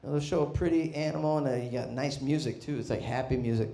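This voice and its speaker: A man doing a stand-up comedy set, brash and profane, bursting into loud shouts. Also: medium pitch, fast talker. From Boston. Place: comedy club stage.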